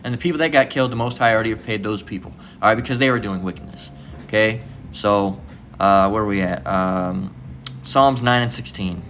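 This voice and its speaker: A man's voice: fairly low pitch, brisk, a bit bright, a little hiss or hum. A man giving an informal, rambling scripture lesson, swearing freely and ending many lines with "all right?". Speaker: preacher.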